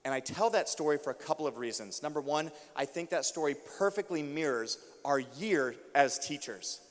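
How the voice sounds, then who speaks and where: A man's voice: on the high side, animated, moderate pace. A young adult American man giving a motivational keynote to teachers, telling a personal story and building emotion with repeated refrains. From United States. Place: large school auditorium. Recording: long hall reverb.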